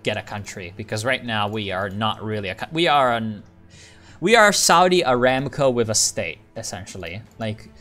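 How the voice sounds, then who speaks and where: A man's voice: medium pitch, a bit bright. A man giving casual, rambling commentary over a strategy game, often breaking off mid-sentence and swearing. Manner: rambling, self-interrupting, swears, laughs often. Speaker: game streamer.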